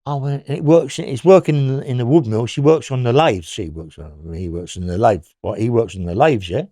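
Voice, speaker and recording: A man's voice: mid-range voice, moderate pace, warm tone, no room sound, studio quality. An older man with a London accent, bluntly recounting old prison stories in a rambling, profane way. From England. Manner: rambling, blunt, swears freely. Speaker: interview guest.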